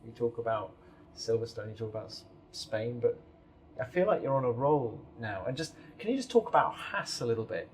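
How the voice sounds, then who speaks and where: A man hosting a podcast interview, friendly and quick to laugh. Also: medium pitch, big pitch swings, darkish tone, slight background noise, low-quality recording. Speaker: podcast host. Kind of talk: interview conversation.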